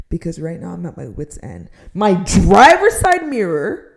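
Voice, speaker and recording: A young adult woman telling a frustrated storytime rant, filling her talk with "like" and dropping to a near-whisper so she won't shout. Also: on the low side, wildly swooping pitch, a little slow, vocal fry. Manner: exasperated, heavy use of "like", drops to a near-whisper to avoid shouting. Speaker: storytime vlogger.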